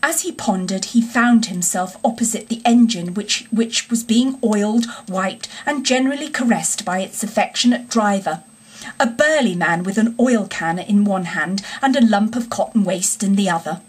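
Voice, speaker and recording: A woman reading a classic children's storybook aloud in an expressive, unhurried way. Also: mid-range voice, slightly rough. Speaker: audiobook reader. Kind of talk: storybook narration.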